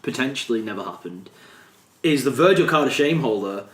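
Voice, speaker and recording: A man's voice: mid-range voice, animated, brisk. A man hosting a podcast, joking and swearing in casual chat. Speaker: podcast host. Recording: roomy echo.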